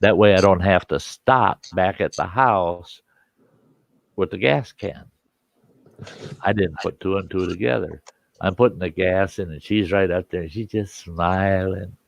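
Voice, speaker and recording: Male host, funny campfire tale, low gravelly voice, laughs a lot. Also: a little slow, no echo, lo-fi sound. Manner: laughing often, animated storytelling. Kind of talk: campfire storytelling.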